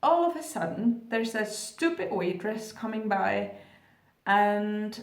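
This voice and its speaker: A woman talking to camera as a spiritual vlogger, gentle, earnest and reassuring. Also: mid-range voice, animated, takes it slowly. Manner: gentle, earnest and reassuring, with soft laughs and fillers. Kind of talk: casual talk to camera. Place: indoor room, Australia. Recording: echoey room, distant mic.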